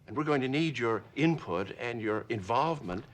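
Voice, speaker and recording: An actor playing a stern, formal older father with a measured, authoritative way of speaking in a TV comedy-drama. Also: mid-range voice, animated, close to an everyday voice.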